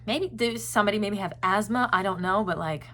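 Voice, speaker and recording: A woman's voice: mid-range voice, fairly quick, fairly bright tone. Woman host, casual chat to viewers, earnest and rambling, lots of filler words. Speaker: self-help video host.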